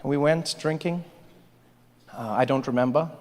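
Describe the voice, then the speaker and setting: A man's voice: a little high, moderate pace, background noise. A man performing stand-up comedy, telling a story and acting out the people in it. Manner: animated storytelling, acting out voices. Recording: live hall with reverb, faint ambience.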